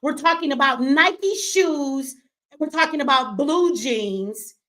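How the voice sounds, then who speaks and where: A woman running a live stream, confrontational and profane, swinging between yelling at viewers and slow, emphatic explaining. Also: high-pitched. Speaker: livestreamer answering her chat; business owner.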